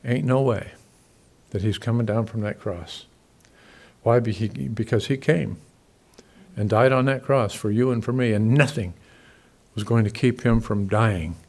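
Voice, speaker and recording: A man preaching a sermon, talking conversationally to his listeners, swinging from loud emphatic peaks to soft, quiet asides. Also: fairly low pitch. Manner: conversational, asks the congregation questions. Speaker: pastor.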